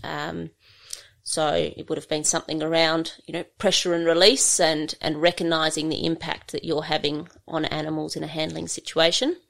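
An Australian woman, a livestock handling trainer, telling stories in a relaxed, rambling way with many fillers. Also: deep voice, moderate pace, creaky. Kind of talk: conversational storytelling.

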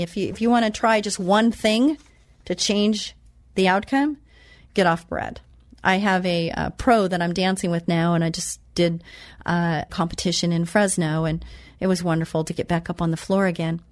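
A woman's voice: lowish voice, steady tone, normal speed, no room sound, studio quality. A woman hosting an inspirational Christian talk show, speaking earnestly with emphatic repetition and chatty asides.

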